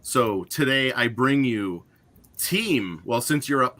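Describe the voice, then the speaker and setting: A man's voice: mid-range voice, takes it slowly, bright, forceful tone. A man hosting an online game show, upbeat and joking, with frequent fillers.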